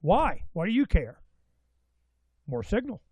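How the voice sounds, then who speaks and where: A fairly high-voiced man holds forth as the show's host, excitable and rambling, circling back and restarting his thoughts. The sound is dry and close, with no room around it. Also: takes it slowly, breathy edge, dry recording, rough recording. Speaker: radio show host. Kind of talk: casual talk-show monologue.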